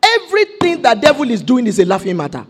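A Nigerian woman pastor delivers a sermon. Her voice swings widely in pitch. She preaches exuberantly and rises into shouted declarations. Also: wildly swooping pitch, quick pace, a little hiss or hum.

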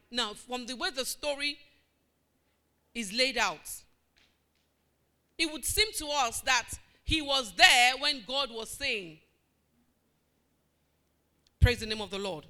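A woman's voice: high voice, takes it slowly, long pauses, sharp tone. A woman preaching a sermon, emphatic and repetitive, asking the congregation questions and answering them. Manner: emphatic, repeating phrases with call-and-response.

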